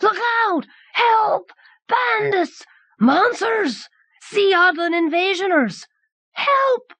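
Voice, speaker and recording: A woman's voice: very high-pitched, lively intonation, takes it slowly, a bit bright, dry recording, pitched above the performer's own voice, exaggerated voice. A woman voicing a panicked drunken man in fine clothes who shrieks for help and slurs his words. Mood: panicked shrieking. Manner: shrieking, slurred drunken speech.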